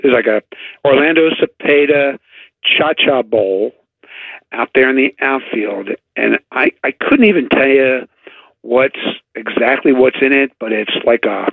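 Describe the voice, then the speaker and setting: Male baseball writer, radio guest, gravelly tone, dry phone-line sound, chatty and halting. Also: medium pitch, no echo. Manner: chatty, halting, sarcastic asides. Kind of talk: casual radio sports chat.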